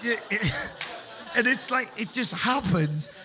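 A man, a comedian guest, telling rambling, animated stories and laughing as he goes. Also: on the high side, moderate pace, very noisy. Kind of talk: anecdotal chat.

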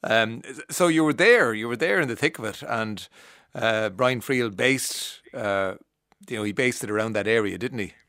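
A man's voice: lowish voice, moderate pace, pushed and bright, no echo. Irish guy hosting radio, laughs a lot, dry close studio mic. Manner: chatty, laughs easily, restarts sentences. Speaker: radio show host. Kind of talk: casual radio interview.

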